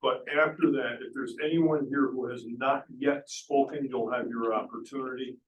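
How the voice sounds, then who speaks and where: Halting man chairing a town meeting. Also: mid-range voice, fairly even intonation, slight background noise. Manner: halting, restarts phrases. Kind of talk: chairing a public hearing. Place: town hall meeting room. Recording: echoey room from far off.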